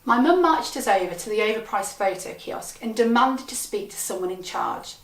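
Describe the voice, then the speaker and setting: Brief: a wry, deadpan woman storyteller with a fairly high voice, in an echoey room, mic set back. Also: normal speed, recorded from a distance. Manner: deadpan, wry, punchy delivery. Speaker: comedian storyteller. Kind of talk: comic storytelling performance.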